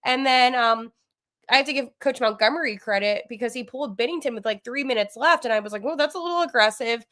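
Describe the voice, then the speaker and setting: A woman hosts a live post-game sports show from home, her voice bright and sharp with a rather high pitch. She talks excitedly and gets flustered, tumbling into quick asides and fillers as she reacts. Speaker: podcast host.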